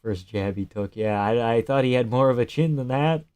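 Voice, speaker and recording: A man streaming live reactions to a fight, talking casually with lots of swearing and bursting into shouted groans. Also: medium pitch, normal speed, clean tone. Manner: profane and excitable, breaking into shouted groans.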